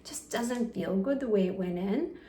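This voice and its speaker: A middle-aged woman coaching parents in a gentle, soothing lesson, softly acting out the phrases she suggests. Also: medium pitch, expressive, normal speed, reverberant, slight background noise. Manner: gentle, soothing, acts out soft example phrases. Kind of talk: talking-head parenting lesson.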